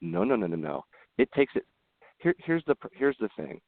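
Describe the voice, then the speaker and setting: A man who is a podcast guest, talking earnestly in casual conversation and telling animated stories with frequent restarts. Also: fairly high pitch, moderate pace, vocal fry, no room sound. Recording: tinny phone-like line.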